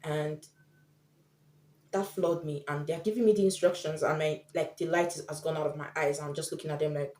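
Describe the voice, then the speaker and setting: A woman's voice: sits low, steady tone, brisk, a little mellow. A woman vlogger giving tips in casual chat to camera, chatty and often acting out the people she quotes. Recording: echoey room.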